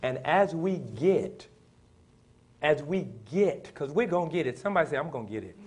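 Fiery preacher man with climbing shouts. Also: fairly high pitch, animated, normal speed. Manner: preaching with rising shouted emphasis and call-and-response; plain-spoken, folksy speech. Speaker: pastor. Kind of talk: sermon.

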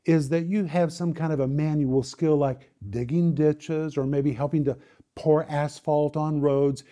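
A man voicing a school job placement counselor who delivers bad news in a quiet, measured, matter-of-fact way. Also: on the high side, natural voice.

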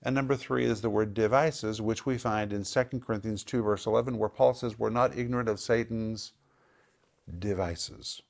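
A man teaching scripture on a program, emphatic, repeating words for stress and slowing down on key points. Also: mid-range voice. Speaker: Bible teacher.

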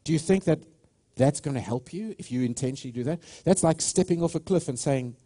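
A male pastor preaches with fervent emphasis, pressing each point and stumbling into restarts as he builds. His mellow, darkish voice swings widely in pitch, sitting a touch high. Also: lively intonation, a little fast. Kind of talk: sermon.

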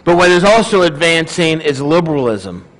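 High-voiced male pastor preaching casually. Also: sing-song, moderate pace, poor audio. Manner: conversational, asks the congregation questions. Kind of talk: sermon.

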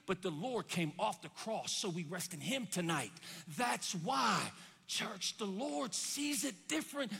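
A man preaching a sermon in a church, acting out voices and dropping to a hush for effect. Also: very high-pitched, a little slow, vocal fry, husky, in a large hall. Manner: animated preaching, acts out voices, rises and drops to a hush. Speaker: pastor. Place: church sanctuary.

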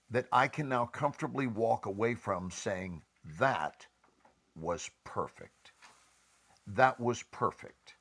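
A man, an actor and guest, speaking in a measured, deliberate way on a panel talk, with expressive shifts in inflection. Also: medium pitch.

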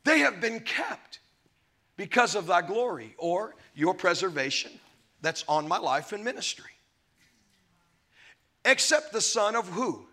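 A man preaching a sermon, with dramatic swings between loud and soft delivery, acting out the scripture quotes as he goes. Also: high-pitched, big pitch swings, unhurried, pauses often. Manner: laughs between points. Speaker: pastor.

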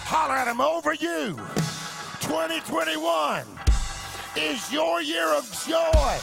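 A woman's voice: sits high, takes it slowly, vocal fry, music in the background. A woman pastor preaching a sermon in a church, leading the congregation in emphatic call-and-response with a sing-song cadence. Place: church sanctuary.

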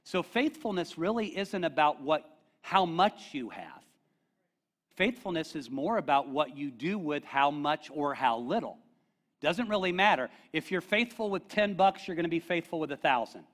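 Joking male pastor with a higher voice. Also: lively intonation, moderate pace, a bit bright. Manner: joking, checks in with "okay?". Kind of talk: conversational sermon.

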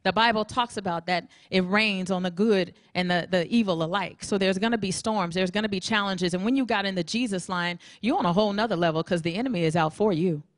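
A woman preacher giving a sermon in a lively, humorous way, acting out little dialogues. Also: lowish voice, brisk, few pauses, dry recording, clean studio sound. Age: adult with a grown daughter. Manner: animated, humorous, acts out dialogues.

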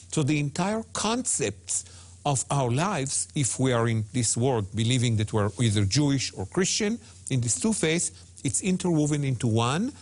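A man's voice: a little high, a little mellow. Emphatic man. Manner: emphatic, repeats words and slows on Hebrew terms. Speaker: guest Hebrew teacher. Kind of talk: animated religious TV talk.

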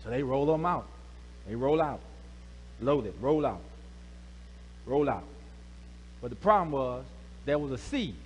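Lively preaching man in an echoey hall. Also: medium pitch, a little slow, long pauses, breathy edge. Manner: lively, call-and-response preaching with slang. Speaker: pastor. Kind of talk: sermon. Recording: echoey hall, faint hum.

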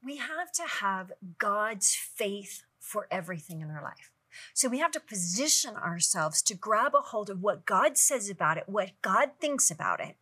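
A woman's voice: mid-range voice, sharp tone, breathy edge. A woman, a guest author on a faith talk show, speaking in an earnest, preacherly way and quoting scripture.

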